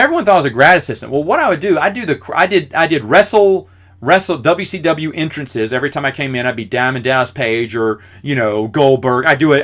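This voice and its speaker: A middle-aged man hosting his own podcast, telling college stories casually and acting out the other people's lines as he goes. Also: medium pitch. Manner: animated, acts out quoted voices. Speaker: podcast host. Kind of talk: casual storytelling monologue.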